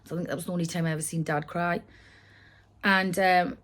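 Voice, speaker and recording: A woman's voice: lowish voice, fairly even intonation, a little fast, a bit bright. Woman telling a personal story. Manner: rambling, with many restarts and asides. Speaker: vlogger.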